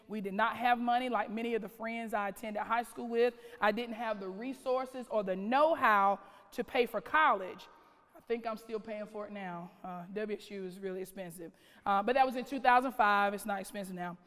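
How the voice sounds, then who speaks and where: Keynote speaker: woman, late 30s, fairly high voice, dramatic rhetorical delivery, reverberant hall. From North Carolina. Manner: dramatic, strings of rhetorical questions, shifting pace. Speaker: keynote speaker, school principal. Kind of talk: keynote speech. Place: large conference hall.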